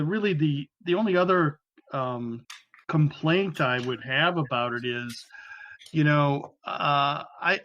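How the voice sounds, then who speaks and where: A man talks through his take on a film in a halting way, stopping and restarting often, with a dry critical edge. His voice sits a little high, and the recording is dull and lo-fi. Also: a bit bright. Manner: hesitant, many restarts and fillers, dry critical. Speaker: podcast panelist. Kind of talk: casual film discussion.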